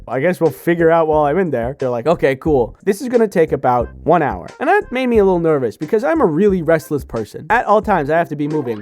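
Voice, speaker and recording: A young man tells a comic, exasperated story from his own life. His fairly high voice swoops up and down a lot as he acts out the people in it. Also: slight background noise. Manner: exasperated, bitter and playful, with lively quoted voices. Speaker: animated storyteller. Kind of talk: comedic storytime narration.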